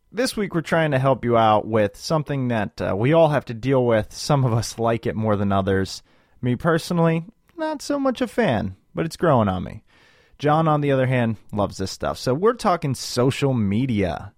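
A man in his thirties opens his podcast in a loose, chatty way and pokes fun at himself. His pitch moves all over the place, and the sound is dry and close to the mic. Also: normal speed, no room sound. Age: 30s. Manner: chatty, animated, self-joking. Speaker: podcast host. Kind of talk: casual podcast intro.

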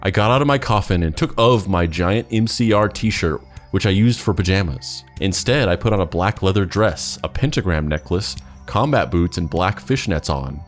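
Man, low voice, comic read-aloud, wry and cringing, laughs a lot. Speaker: podcast co-host. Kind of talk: comedic read-aloud with commentary.

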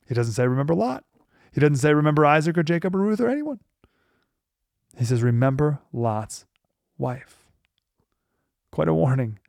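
A man hosting a radio show, giving an emphatic Bible teaching talk and slowing down on key phrases. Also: medium pitch, creaky, dry recording, studio quality.

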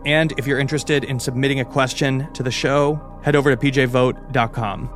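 A man's voice: mid-range voice, fairly even intonation, fairly quick, music in the background. A male podcast host reading a scripted show introduction in an upbeat, friendly way.

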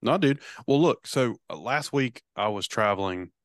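A man's voice: medium pitch, expressive, moderate pace, dry recording, studio quality. A man co-hosting a podcast in casual chat, agreeing easily and adding wry quips. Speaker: podcast co-host.

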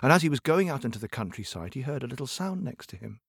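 A man telling a folk tale to children in a playful, expressive way, speaking straight to his listeners. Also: mid-range voice, fast, creaky, breathy edge, no echo, clean studio sound. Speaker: storyteller. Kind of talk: animated storytelling for children.

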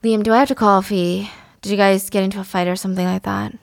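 A woman's voice: mid-range voice, steady tone, quick pace, gravelly, no echo, studio quality, lightly acted. A woman voicing an uneasy man asking a guest to leave. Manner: hesitant, uncomfortable, subdued.

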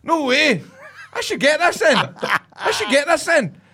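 A Scottish man with a notably high voice, co-hosting a podcast chat. He is loud, excitable and sweary, and throws out quick jokes and guesses. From Ayrshire, Scotland. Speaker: podcast co-host. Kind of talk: casual podcast banter.

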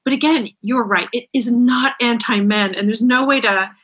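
A middle-aged woman author, appearing as a guest, chats candidly in a casual interview. Her voice is fairly high and a bit bright, her pace moderate, and she is self-deprecating, restarting her sentences often.

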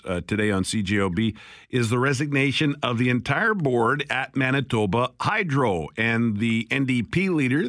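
A man's voice: mid-range voice, fairly bright tone, no echo. A male talk radio host speaks in an easy, conversational way, stopping often on "uh" as he thinks. His voice sits in a middle register. It comes across close and dry, straight from the studio mic. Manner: conversational, with frequent fillers. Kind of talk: casual talk radio hosting.

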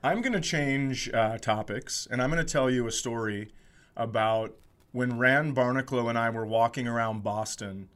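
A man's voice: mid-range voice, moderate pace, a bit bright. A middle-aged man from Minnesota co-hosting a casual comedy chat, telling a story with lots of swearing. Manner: storytelling, swearing, slips into mock accents. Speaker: podcast co-host.

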